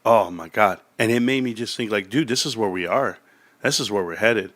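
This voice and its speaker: Man, low voice, casual stock livestream, rambling and heartfelt, gets emphatic, dry close sound. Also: normal speed, fairly bright tone, no echo. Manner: rambling and heartfelt, with frequent restarts. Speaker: stock market YouTuber.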